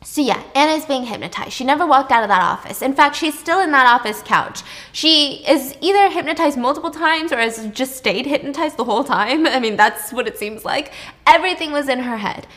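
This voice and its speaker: A woman casually retelling a drama's plot, chatty and lively, raising her voice when she acts out the characters' lines. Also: brisk. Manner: chatty, acts out dialogue with raised pitch. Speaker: drama recap narrator. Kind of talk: casual storytelling recap.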